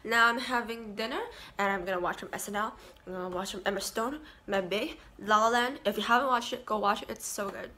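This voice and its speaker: A woman's voice: medium pitch, a little fast, sharp tone, slight background noise. A young woman chatting casually through her day as a vlogger, upbeat and full of fillers. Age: young adult. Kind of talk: casual vlog chat.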